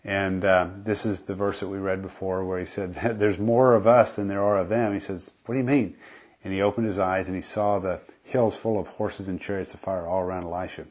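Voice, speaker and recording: A man's voice: deep voice, fairly even intonation, brisk, darkish tone. A man teaching a Bible study, reading scripture aloud and explaining it in a casual, conversational way. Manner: frequent fillers and restarts, conversational. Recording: dull lo-fi recording.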